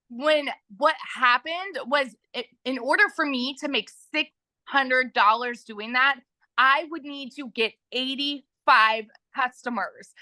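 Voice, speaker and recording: A woman in her thirties talking on a phone mic as a webinar guest, chatty and excited, telling her story with lots of asides to viewers. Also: sits high, no room sound. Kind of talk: enthusiastic testimonial on a livestream. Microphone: phone held in hand.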